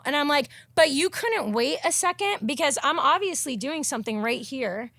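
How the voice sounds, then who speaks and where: A young woman, hosting a podcast and telling a story in casual, profane, animated chat. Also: high-pitched, moderate pace, dry recording. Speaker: podcast host.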